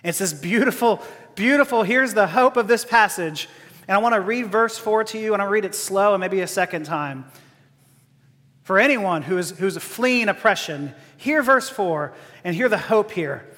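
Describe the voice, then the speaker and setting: Man, sermon, very high voice, earnest and impassioned, long hall reverb. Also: expressive, moderate pace, fairly bright tone. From Texas. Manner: earnest and impassioned, rising to emphatic declarations. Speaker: preacher.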